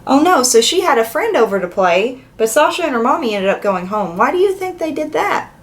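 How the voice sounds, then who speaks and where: In a high-pitched, fairly quick voice, a woman reads a picture book to young children. She keeps it lively and interactive, asking them questions throughout.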